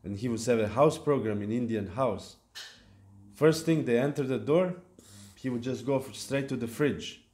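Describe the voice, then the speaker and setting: A man giving a devotional lecture at a temple, speaking in a halting way with fillers and restarts. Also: medium pitch, darkish tone. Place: temple hall.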